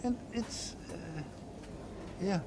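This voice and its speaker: Recalling his years in retail during a reflective interview, an older former executive speaks haltingly, repeating words while he hunts for the right phrasing. A noisy hiss runs beneath the recording.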